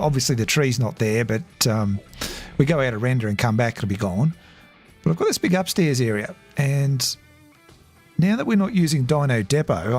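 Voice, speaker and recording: A man chatting casually while streaming a game, rambling and halting, with frequent chuckles. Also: mid-range voice, darkish tone. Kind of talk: casual live-stream chat.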